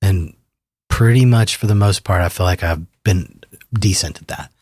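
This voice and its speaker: A man in his fifties, a therapist and author, talks as a guest on an interview podcast in a calm, measured way. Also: deep voice, no room sound, clean studio sound.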